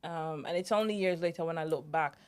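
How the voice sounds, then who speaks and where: A woman in her forties hosts a relaxed podcast chat, recounting her memories with animated energy and easy laughter. Her voice sits a bit low for a woman. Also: brisk, clean tone. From Jamaica. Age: 40s. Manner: animated storyteller, laughs easily. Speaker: podcast host. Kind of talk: casual storytelling chat.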